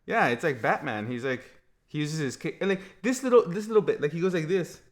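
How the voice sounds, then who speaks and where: A man's voice: fairly high pitch, animated, fairly quick. A man co-hosting a casual movie review podcast, talking in rambling bursts with many restarts. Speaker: podcast co-host.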